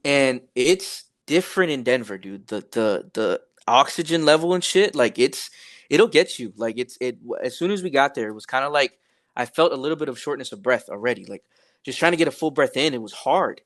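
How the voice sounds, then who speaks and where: A man's voice: mid-range voice, a little fast, dry recording, studio quality. Laid-back profane young man storyteller. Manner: laid-back, profane, many fillers, animated retelling. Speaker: podcast guest, rapper. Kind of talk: casual storytelling.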